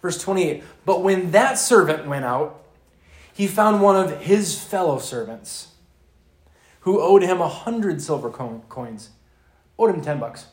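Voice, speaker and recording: Male preacher, fairly high voice, relaxed slangy retelling, roomy echo. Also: measured pace. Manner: casual, retells scripture in modern slang. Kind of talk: sermon. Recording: echoey room.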